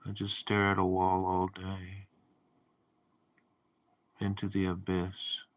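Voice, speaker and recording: A man hosting a casual livestream, reading viewer comments aloud and answering them in a deadpan, drowsy way. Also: sits low, slow pace. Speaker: livestream host.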